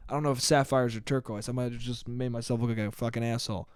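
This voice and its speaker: A man's voice: medium pitch, steady tone, quick pace, clear, resonant tone, dry recording, studio quality. A man hosting a solo podcast, telling a story in a casual, profane, self-deprecating way and saying "dude" a lot. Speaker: podcast host.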